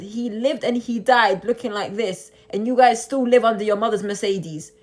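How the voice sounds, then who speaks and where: A young woman on a phone live stream, reading and answering viewer comments, shifting into taunting, indignant rhetorical questions. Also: on the high side. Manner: switches between English and Albanian, taunting and indignant; rapid, repetitive rhetorical questions. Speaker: livestreamer.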